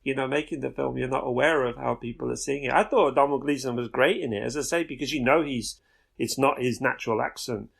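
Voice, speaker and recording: A man's voice: mid-range voice, brisk, gravelly, a bit bright, breathy edge. A man who works as a film director, talking casually as a podcast guest and rambling through his thoughts with many restarts.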